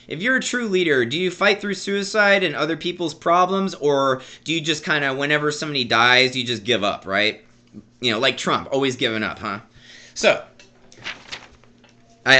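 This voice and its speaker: A man's voice: mid-range voice, pushed and bright. A man in his thirties telling a personal story in a casual vlog, rambling, stammering and repeating words as he talks to his viewers. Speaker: vlogger.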